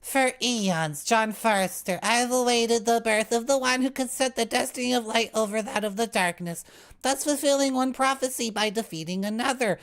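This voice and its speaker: A man's voice: extremely high pitch, normal speed, a bit bright, smooth, voice pushed up. A man voicing an ancient male god who solemnly grants a hero a sword, declaiming in a raised, theatrical voice.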